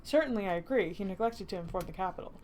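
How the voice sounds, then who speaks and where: A smooth, condescending duke speaks with cool politeness and brushes off every complaint. He is a middle-aged nobleman in a game story, read by a woman in near her own voice. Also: medium pitch, rapid-fire, a little mellow, slight background noise, natural voice. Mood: dismissive. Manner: polite, dismissive.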